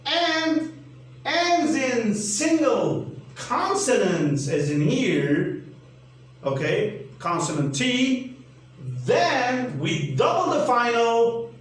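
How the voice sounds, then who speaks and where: A man with a Turkish accent teaching an English grammar lesson, spelling out letters and asking and answering his own questions. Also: high voice. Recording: echoey room, mic at a distance, faint hum.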